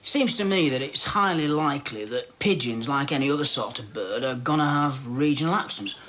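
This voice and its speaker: A man on a comedy panel show spinning a mock-serious, deadpan story in a TV studio. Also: medium pitch, normal speed. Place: TV studio with an audience. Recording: studio audience and room noise.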